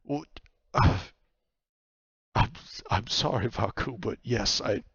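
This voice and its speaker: A man's voice: mid-range voice, slow pace, gravelly, a bit bright, husky, no echo, highs cut off, pitched above the performer's own voice, exaggerated voice. A man voicing a stammering, apologetic male nightmare spirit in a cloak, hesitant and tripping over his words.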